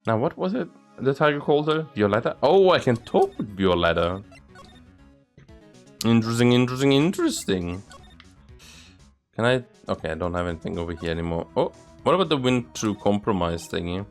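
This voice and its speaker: A man's voice: fairly low pitch, sing-song, fairly quick, faint music behind. A man hosting a let's play, chatting in an amused way and reading the game's dialogue aloud. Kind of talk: casual game commentary and reading dialogue.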